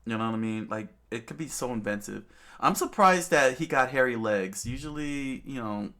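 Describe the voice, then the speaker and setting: A man's voice: mid-range voice, animated, moderate pace, a bit bright. A middle-aged man in casual commentary, rambling with many fillers, restarts and asides to the listener as he talks about a comic. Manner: rambling, many fillers and restarts, "you know what I'm saying". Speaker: channel host reading and commenting on manga.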